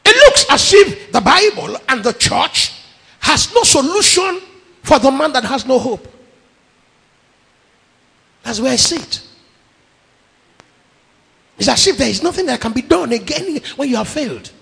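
High, husky Nigerian preacher. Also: male voice, sing-song, unhurried, long pauses, pushed and bright. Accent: Nigerian English. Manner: emphatic preaching with repeated phrases. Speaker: pastor. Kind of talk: sermon. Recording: long echo of a large hall.

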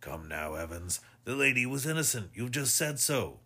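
A man voicing an old sea captain, uneasy and stiff, quick to grumble. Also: medium pitch, very animated, sharp tone, husky, voice pushed up, heavily acted. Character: old male sea captain, cautious and easily irritated.

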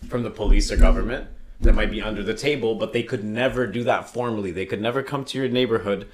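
Profane, animated storyteller, low-pitched man. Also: fast talker. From Toronto, Canada. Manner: profane, animated storyteller who laughs often. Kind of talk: casual chat.

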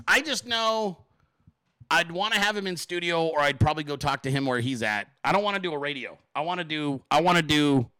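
A man hosting a casual solo talk show, excitable and rambling, swearing freely and full of fillers. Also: a little high, dry recording. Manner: excitable, profane, rambling with many fillers and laughs. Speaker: podcast host.

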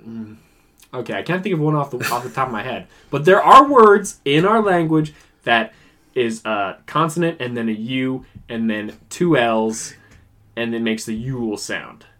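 A man's voice: medium pitch, animated, moderate pace, sharp tone. A man co-hosting a podcast in casual chat, rambling and poking fun at himself. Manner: rambling, self-mocking, chatty. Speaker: podcast co-host.

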